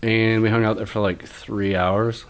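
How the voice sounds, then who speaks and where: A man's voice: on the low side, little pitch movement, measured pace, clean tone. A young adult man who is a recruiter, a guest telling a story in a laid-back, casual way. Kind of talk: casual chat.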